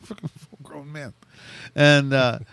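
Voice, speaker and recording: A middle-aged man telling a rowdy story in casual chat, animated, swearing freely and laughing often. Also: a little high, slow, creaky, clean tone, dry recording.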